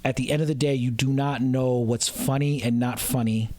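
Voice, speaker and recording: A man's voice: mid-range voice, fairly even intonation, normal speed, a little mellow. A male comedian co-hosting a casual podcast chat, talking animatedly, acting out people's voices and swearing freely. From San Francisco Bay Area.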